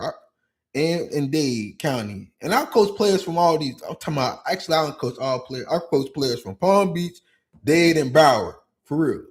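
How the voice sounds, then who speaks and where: Brief: man, slightly high voice, podcast host ranting casually, animated and frustrated. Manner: animated, venting, repeats "you know what I'm saying". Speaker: podcast host and youth coach. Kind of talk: casual monologue.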